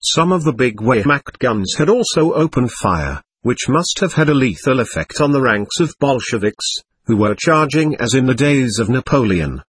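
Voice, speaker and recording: A man's voice: mid-range voice, big pitch swings, moderate pace, breathy edge, dry recording. A man narrating a war memoir in the first person, in a vivid, dramatic audiobook reading.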